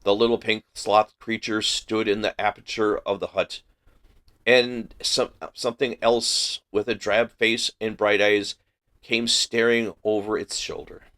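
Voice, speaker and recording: A man hosting a book club livestream, reading a classic novel aloud in a careful, measured way. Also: lowish voice, level tone, a bit bright.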